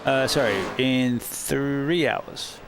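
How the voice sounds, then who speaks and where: A man streams a racing game and chats with his viewers in a relaxed, rambling way, often restarting his sentences. His voice has a gravelly edge. A clear noise runs under the recording. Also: mid-range voice, drawn-out words. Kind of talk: casual streaming chat.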